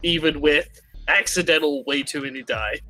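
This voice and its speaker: A man playing a tabletop horror game, asking for rolls and cursing at bad results in a quick, expressive way. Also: on the high side, faint music behind. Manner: swearing, expressive, quick asides. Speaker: player.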